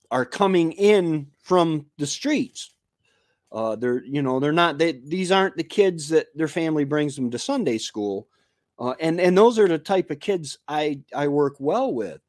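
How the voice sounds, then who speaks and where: Man, 50s, livestream host; unhurried, rambling chat, dry close sound. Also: a little high, no room sound. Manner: rambling, with many fillers and restarts. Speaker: homestead show host. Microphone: computer mic on a live stream.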